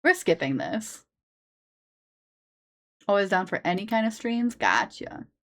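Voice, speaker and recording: A woman's voice: medium pitch, big pitch swings, measured pace, fairly bright tone. A woman chatting casually on a live stream into a sensitive desk microphone, rambling with lots of fillers and restarts.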